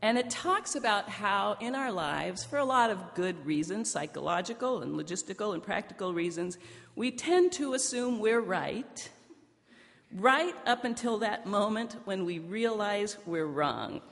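A woman's voice: mid-range voice, unhurried, creaky. A woman pastor preaching a sermon, telling a personal story in a conversational way. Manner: conversational storytelling, lively in the punchlines. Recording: long hall reverb.

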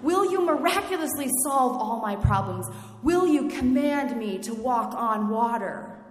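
A woman's voice: high voice, lively intonation, measured pace, a little mellow, soft background music. A woman voicing an anxious believer who breathlessly pleads with God and piles up requests, in an echoey hall. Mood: eager demanding. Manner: breathless, eager, piling up requests. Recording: echoey hall with long reverb.

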